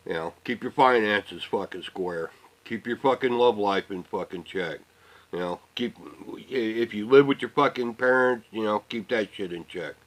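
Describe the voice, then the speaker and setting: A man's voice: normal speed, low-quality recording. Middle-aged man, casual vlog rant, swears constantly, rambles and trails off into mumbling. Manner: rambling, profane, trails off into low mutters. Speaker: vlogger.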